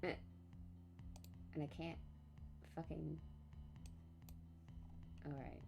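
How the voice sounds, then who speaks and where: A tired woman streaming live, chatting casually in a rambling, low-key monotone. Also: very slow, vocal fry.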